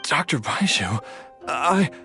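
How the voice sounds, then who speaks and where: A weary, gentle father on the edge of death, lingering over every slow, halting word. His pitch rises and falls with feeling. Game music plays clearly behind him. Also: sing-song, heavily acted. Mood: bewildered. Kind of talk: game voice acting.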